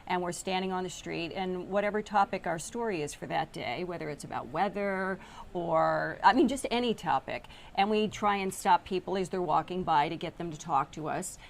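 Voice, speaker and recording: A woman's voice: on the low side, moderate pace, creaky, slight background noise. A woman TV news anchor chatting casually on air, explaining things to viewers and laughing along with her co-host.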